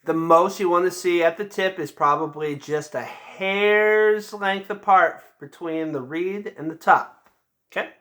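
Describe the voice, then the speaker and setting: Man, band teacher, bright tone, slightly high voice, patient step-by-step demonstration, checks in often. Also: unhurried. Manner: patient, step-by-step instructing with frequent check-ins. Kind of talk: instrument lesson demonstration.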